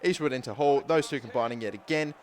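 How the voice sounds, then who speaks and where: A young man giving casual, rambling let's-play commentary on a football video game, getting excited during the action. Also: medium pitch, fast. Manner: rambling, repeats "but still" and "to be completely honest"; gets excited calling match action. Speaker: gaming YouTuber.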